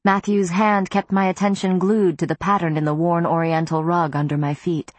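Woman, first-person audiobook narrator, measured, lowish voice, dry close mic. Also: little pitch movement, no room sound.

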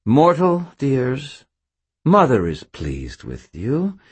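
A man voicing a haughty, contemptuous female spirit in an audiobook, husky and imperious. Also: mid-range voice, wildly swooping pitch, extremely slow, pitched above the performer's own voice, full character voice. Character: haughty female spirit lady seeking a body. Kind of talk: audiobook narration.

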